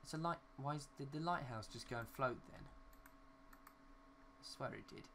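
This gaming YouTuber's medium-pitched voice is bright and forceful, at normal speed, with slight background noise. He's a young man chatting loosely to himself while building a city in a game, cursing mildly when glitches hit.

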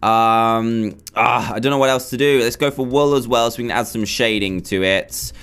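Flustered gaming commentator. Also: male voice, mid-range voice, moderate pace, a bit bright, clear, resonant tone. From England. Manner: chatty, flustered, talks himself through building. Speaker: gaming YouTuber. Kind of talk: gameplay commentary.

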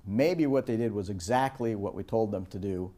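Man teaching with a mellow voice. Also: moderate pace. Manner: storytelling, acts out quoted voices with raised pitch. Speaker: instructor. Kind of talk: recorded lecture on project teamwork.

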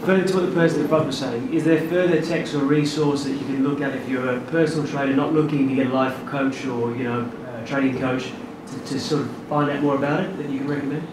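A man's voice: mid-range voice, fairly even intonation, fast, hardly any pauses. A man in the audience asks a question in a hesitant way, with many fillers. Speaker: audience member asking a question. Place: meeting room. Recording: echoey room, distant mic, noise.

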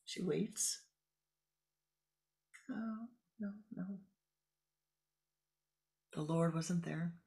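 A woman spiritual teacher telling a parable in a dharma talk, animated and dropping often into hushed whispered asides. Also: lowish voice, drawn-out words, gravelly, long pauses, poor audio.

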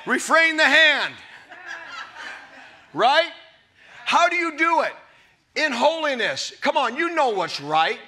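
A man in his fifties preaching a sermon to a live congregation, emphatic and often shouting, with jokey storytelling. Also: extremely high pitch, slight background noise. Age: 50s. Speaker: pastor. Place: church service before a live congregation.

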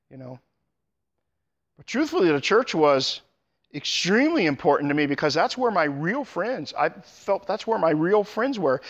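A middle-aged man, a pastor telling a personal story in a sermon, with sudden lively jumps in his voice. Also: muffled recording. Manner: storytelling with animated pitch jumps.

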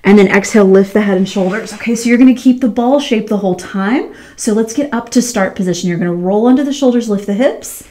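A woman teaching a Pilates mat class, calmly cueing breaths and counts and praising often. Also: medium pitch, fast, hardly any pauses. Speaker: Pilates instructor. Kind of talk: guided exercise class instruction.

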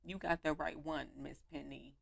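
A young woman giving animated, slangy commentary while playing a life-sim game on her home mic. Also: deep voice, normal speed, creaky, husky, no room sound. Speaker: gaming YouTuber. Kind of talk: let's play commentary.

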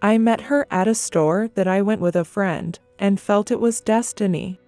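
An introverted middle-aged son, timid and soft-spoken, as a woman narrator voices him in an audio story. His voice stays at an ordinary middle pitch. The recording is dry and close. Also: normal speed, no room sound, soft background music, lightly acted. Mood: eager.

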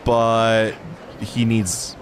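A man's voice: fairly low pitch, level tone, drawn-out words, slight background noise. Man doing a drawling cool gangster. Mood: laid-back. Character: cool laid-back male gangster, middle-aged.

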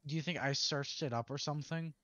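A young man co-playing games with a friend on a livestream chats casually, speaking bluntly and swearing a lot. His fairly high, slightly bright voice moves fast, with no echo and lo-fi sound.

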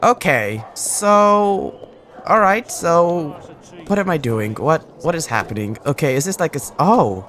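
A gamer giving rambling, excitable let's-play commentary, swinging between loud outbursts and mumbled asides. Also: medium pitch, a little slow. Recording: voice over game music.

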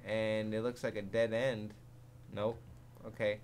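A man giving live commentary over a zombie game, excitable and jumpy, swearing often and laughing at his own jokes. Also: on the low side, measured pace, clear, resonant tone. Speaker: gaming commentator.

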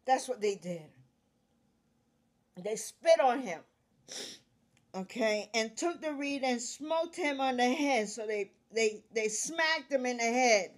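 A woman reading scripture aloud verse by verse, calling out verse numbers and restating each passage in plain words, with pauses where she coughs. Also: a little high, lively intonation. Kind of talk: Bible reading with commentary.

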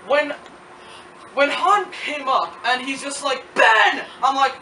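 A movie reviewer talking casually and excitably, rambling with lots of "like" and acting out quotes. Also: high voice, unhurried, recorded from a distance. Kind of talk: casual film review chat. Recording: echoey room from off-mic with noise.

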